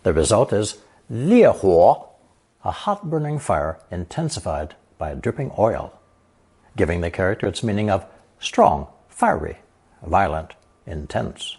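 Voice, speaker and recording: Male teacher, lower voice, unhurried scripted lesson delivery, a bit breathy. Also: big pitch swings, a little mellow. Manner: slow, measured explanations with example sentences read aloud. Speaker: language teacher.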